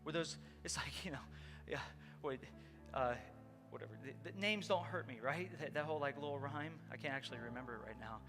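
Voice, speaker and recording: A man's voice: on the high side, brisk. A man preaching a conversational sermon, telling a personal story earnestly and speaking directly to his congregation. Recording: long hall reverb with loud music behind.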